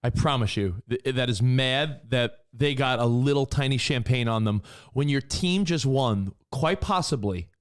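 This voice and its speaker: A man co-hosting a casual sports talk show, ranting in an animated, profane way and shouting for emphasis. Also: medium pitch, measured pace, clean tone. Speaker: co-host.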